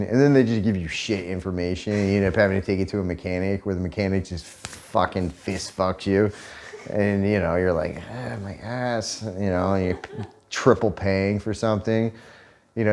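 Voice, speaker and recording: A man's voice: low voice, darkish tone. A man chatting casually on a couple's vlog, joking and sarcastic, swearing freely. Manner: joking, profane, sarcastic asides. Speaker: vlog co-host.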